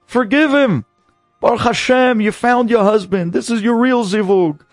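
A man voicing a revered elderly rabbi who pleads gently and insistently in a story he is telling. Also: sits high, fairly quick, no echo, studio quality, faint music behind, voice pushed up, natural voice. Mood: pleading. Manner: pleading, earnest.

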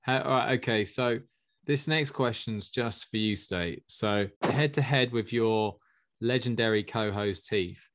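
Low-voiced man hosting a casual podcast. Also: a bit bright. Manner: playful, reads out questions. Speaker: podcast host. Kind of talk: casual chat about fantasy football.

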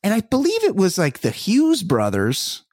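A man's voice: sits high, huge pitch swings, normal speed, a little mellow, no room sound, clean studio sound. A man co-hosting a comedy podcast in casual chat, rambling and trailing off as he hunts for names. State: recovering from a finger injury. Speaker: podcast co-host.

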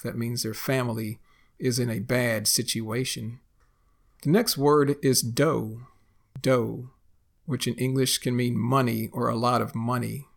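A man teaching slang in a slow, careful, scripted podcast lesson with examples. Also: mid-range voice, steady tone, vocal fry.

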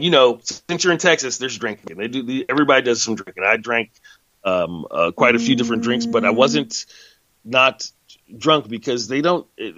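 A low-pitched man rambles through a casual monologue, loose and chatty, stopping to correct himself. The sound is dry and close, with a dull, lo-fi band. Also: a bit bright, no room sound.

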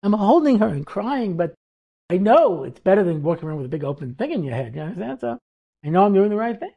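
A man's voice: high voice, sing-song, quick pace, gravelly, slightly rough, lo-fi sound. A middle-aged man, a rabbi and seminary teacher, giving a storytelling lecture and acting out the people in his stories.

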